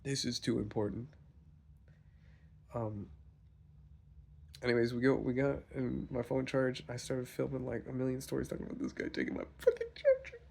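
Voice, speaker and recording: Young man, gravelly voice, mid pitch, swearing a lot, rambling casual vlog storytelling. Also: normal speed, pauses often. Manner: profane, rambling, animated storytelling. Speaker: vlogger.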